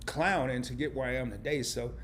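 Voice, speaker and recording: A man's voice: mid-range voice, a little fast, fairly bright tone, a little hiss or hum. A middle-aged man from a small town in Arkansas, hosting a live stream and chatting casually in a joking, rambling way. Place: indoors under camera lights.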